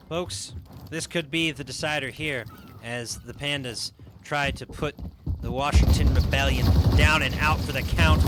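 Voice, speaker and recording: A high-energy male esports caster racing through play-by-play and hyping each kill to his viewers. His voice sits a bit high for a man. A clear hiss of noise runs under the stream mic. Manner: high-energy hype, calls viewers folks. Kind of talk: excited play-by-play commentary.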